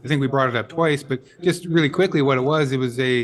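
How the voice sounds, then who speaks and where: A man's voice: medium pitch, quick pace. Friendly guy hosting a live podcast, asks questions, keeps things on track. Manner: friendly interviewer steering the chat with questions. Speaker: podcast host. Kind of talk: casual live podcast chat.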